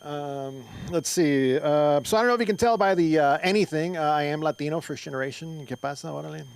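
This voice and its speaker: A man's voice: fairly high pitch, a little fast, clear, resonant tone, dry recording, poor audio. Rambling middle-aged male stand-up comic. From Mexico. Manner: rambling, filler-heavy storytelling with frequent restarts. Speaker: stand-up comedian. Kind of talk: stand-up comedy set. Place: comedy club stage.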